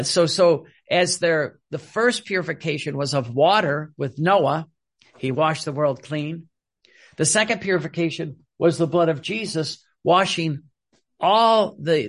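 A man preaching a fervent Catholic sermon, repeating phrases and dropping his voice low on quoted words. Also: creaky. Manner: fervent, repetitive, drops to a hushed tone on quoted phrases.

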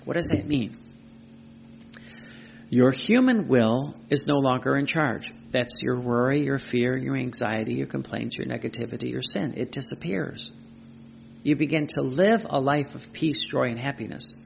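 A man's voice: mid-range voice, normal speed, gravelly, a bit bright, a little hiss or hum. A man giving a devotional teaching talk, earnest, piling up lists and rhetorical questions. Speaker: preacher. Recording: dull lo-fi recording.

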